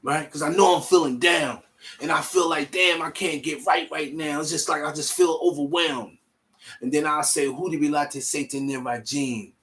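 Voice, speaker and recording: A young man telling a personal story in casual, animated street slang, swearing freely. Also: on the high side, moderate pace, gravelly. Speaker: vlogger.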